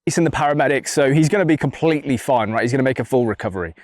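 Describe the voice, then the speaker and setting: Blunt commentator, dry voice. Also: male voice, mid-range voice, very fast, a little mellow, dry recording. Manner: blunt, combative. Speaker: political video commentator. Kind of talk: scripted video commentary.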